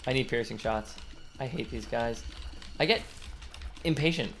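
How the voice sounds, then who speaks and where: A young man of middle pitch talks casually over a game, rambling through a long story. He acts out quotes and breaks off with sudden outbursts at the screen. A faint hum of noise sits behind his voice. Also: moderate pace, fairly bright tone. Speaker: gaming commentator. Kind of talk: casual let's-play storytelling.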